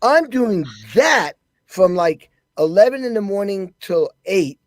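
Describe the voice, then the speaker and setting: A man from the United States, a guest drummer, telling stories in a casual interview and acting out quotes in lively raised voices. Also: high voice, measured pace, no room sound, studio quality. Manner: animated storyteller, acts out quotes in raised voices.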